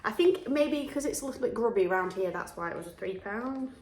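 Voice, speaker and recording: A woman's voice: medium pitch, expressive, a little fast, darkish tone, a little hiss or hum. Chatty woman in an echoey room. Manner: chatty and upbeat, laughs often. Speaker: vlogger. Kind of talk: casual chat to camera. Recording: echoey room with faint music.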